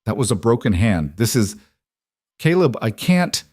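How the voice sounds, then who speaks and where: A man's voice: medium pitch, very animated, a little slow, a little mellow, no echo. A man voicing a young frontier bride, frightened but determined, with urgent, breathless pleading in a dry, close recording.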